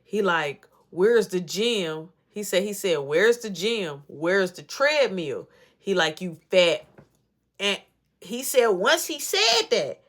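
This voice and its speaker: Animated woman telling a story. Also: medium pitch, slow pace. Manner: animated, acts out both sides of the dialogue; rambling retelling with many repeats of "I'm like". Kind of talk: casual storytime.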